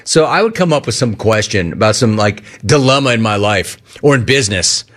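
Speaking on the low side and at a brisk clip, this middle-aged sports talk host answers questions from listeners. He keeps it loose and lively, performing remembered conversations as he goes.

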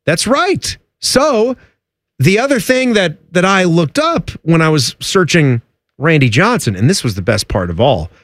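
A man's voice: measured pace, dry recording, studio quality. A man co-hosting a sports radio show in casual, joking chat. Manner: animated, jumps high in pitch when joking.

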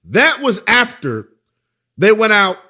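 A man's voice: high-pitched, very animated, takes it slowly, sharp tone. A man hosting a sports talk radio show, delivering an emphatic, conversational monologue full of rhetorical questions.

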